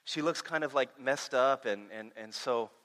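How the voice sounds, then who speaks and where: Bright-voiced male pastor, long hall reverb. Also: mid-range voice, normal speed. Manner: animated storytelling, stumbles and repeats words, acts out conversations. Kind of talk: sermon storytelling.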